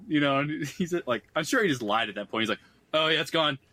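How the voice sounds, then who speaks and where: A man's voice: fairly high pitch, animated, fast, sharp tone, no echo. A man co-hosting a gaming podcast, rambling casually with lots of filler words and frequent laughter. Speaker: podcast co-host. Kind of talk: casual chat.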